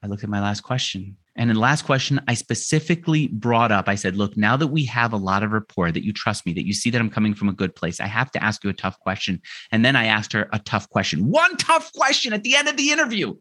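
A man's voice: fairly low pitch, fast talker, few pauses. A man who is a podcast guest, telling stories in a conversational way and acting out the dialogue he quotes. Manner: animated, acts out quoted dialogue. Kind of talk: conversational storytelling.

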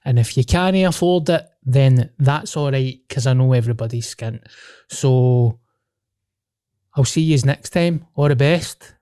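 A man's voice: medium pitch, measured pace, dark tone, clean tone, no echo, clean studio sound. A young man with a Glaswegian accent hosting a casual podcast, rambling and swearing as he chats. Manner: swearing, laughing, rambling banter. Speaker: podcast host.

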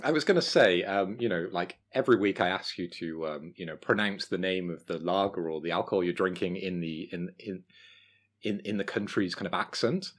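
A man's voice: low voice, fairly quick. A young man co-hosting a podcast, teasing his friend in a dry, ribbing manner. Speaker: podcast co-host. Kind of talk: casual chat.

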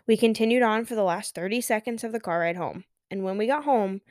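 A woman in her thirties hosting a solo podcast, who tells a parenting story in a calm, measured way with audible sighs. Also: medium pitch, dry recording, studio quality. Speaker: podcast host and mother.

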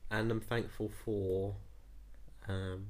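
A young man co-hosting a podcast in casual chat, hesitant with many pauses and a dry sense of humor. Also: fairly low pitch, little pitch movement, a crowd in the background. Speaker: podcast co-host.

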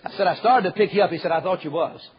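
A man preaching a folksy storytelling sermon, acting out the quoted voices and dropping to a hush at times. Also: high voice, quick pace. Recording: muffled lo-fi recording.

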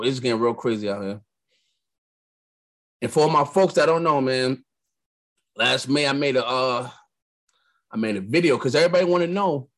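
A young man from New York with a New York accent, hosting a podcast and telling a story in a casual monologue, animated, acting out the lines of the people in it. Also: medium pitch, husky. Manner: animated storyteller, acts out quotes. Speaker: podcast host.

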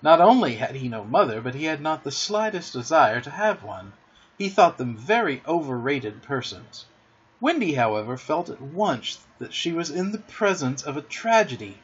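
A man narrating a storybook aloud with expressive, dramatic storytelling, on a muffled lo-fi recording. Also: on the high side, normal speed, breathy edge.

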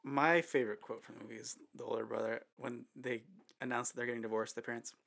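A man guesting on a movie podcast, talking in quick, excitable bursts with lots of fillers. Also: mid-range voice, vocal fry. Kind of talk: casual film-review chat.

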